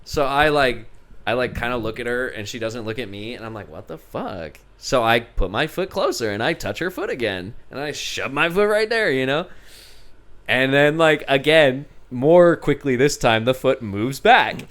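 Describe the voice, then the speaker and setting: A young man hosting a podcast, telling an animated story in casual chat, swearing freely and often breaking into laughter. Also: medium pitch, moderate pace. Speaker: podcast host.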